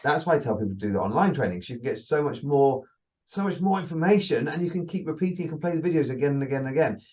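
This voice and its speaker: A man co-hosting a casual podcast as a dog agility trainer, telling animated stories, laughing and swearing. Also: a little high, rapid-fire, muffled recording.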